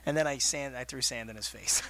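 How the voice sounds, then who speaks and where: A man's voice: medium pitch, a little fast. A man co-hosting a casual wrestling chat, telling stories with lots of laughter and acted-out voices. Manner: animated storyteller, laughs often, acts out voices. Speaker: wrestling podcast co-host.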